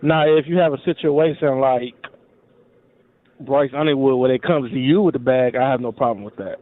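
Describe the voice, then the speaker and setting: A man's voice: medium pitch, moderate pace. A man calling in to a sports radio show from a cell phone, talking in a casual, slangy way. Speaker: caller. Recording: tinny cell phone line.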